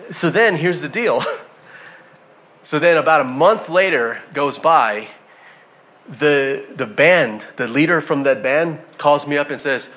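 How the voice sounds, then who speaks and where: A middle-aged pastor with a fairly high voice preaches a sermon. He tells a personal story in an animated, conversational way, frequently restarting his sentences.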